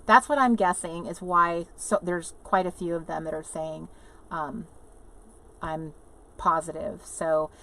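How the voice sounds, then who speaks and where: A woman's voice: on the low side, steady tone, unhurried, fairly bright tone, a little hiss or hum. A woman hosting a casual livestream from inside an RV, rambling chattily, laughing often and reading viewer comments aloud. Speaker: livestream host. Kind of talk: casual live chat with viewers.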